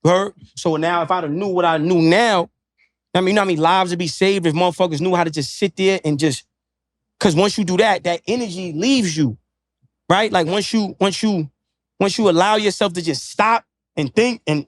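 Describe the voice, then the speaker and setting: Man, podcast guest, high voice, profane street slang, preachy, dry close sound. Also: normal speed, dry recording. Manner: preachy, lecturing. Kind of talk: casual chat.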